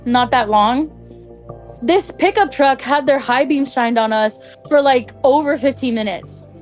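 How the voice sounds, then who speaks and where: A young woman tells a personal story in a casual, chatty way, packing her speech with "like." Her voice sits high and moves at a measured pace, with faint music in the background.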